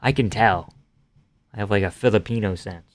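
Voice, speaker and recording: A man's voice: fairly low pitch, normal speed, no echo. A young man hosting a live stream, casually reading out viewer comments and joking crudely in an offhand way.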